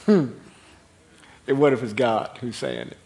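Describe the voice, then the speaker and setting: A man preaching a sermon as pastor, building from calm teaching to loud, emphatic preaching. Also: medium pitch, a little slow, creaky, slight background noise.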